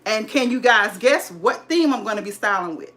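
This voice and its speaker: Fairly high-pitched and animated, a woman's bit-bright voice comes at normal speed with slight background noise. She's a bubbly, hyped Californian greeting viewers on a home decor livestream from home, calling them sis and honey.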